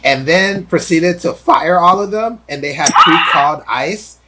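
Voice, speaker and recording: A podcast host tells stories animatedly in casual conversation, packing in plenty of filler words. His fairly high voice is pushed and bright, with lively intonation and a measured pace. There's slight background noise.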